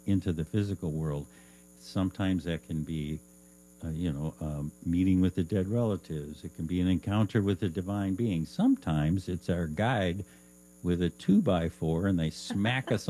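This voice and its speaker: Guy on a radio show as the guest, low mellow voice, calm explainer. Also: low-quality recording. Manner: calm, explanatory, laughs often. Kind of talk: casual interview chat.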